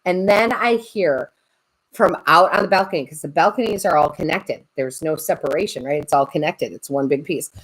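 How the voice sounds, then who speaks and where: A woman tarot reader and medium chatting on a live stream, animated and laughing often as she tells stories to her viewers. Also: sits low, moderate pace, breathy edge, rough recording. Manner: chatty, animated, laughs a lot while talking.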